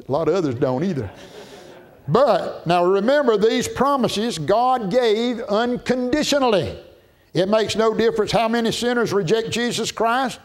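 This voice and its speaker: A man preaching a Baptist sermon as pastor, emphatic and drawn out, rising at times to shouts. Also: extremely high pitch.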